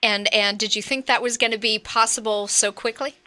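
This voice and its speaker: A woman's voice: fairly high pitch, steady tone, brisk, bright, forceful tone, dry recording. A woman hosting a medical talk radio show, affirming her guests with frequent "mm-hmm" and "right".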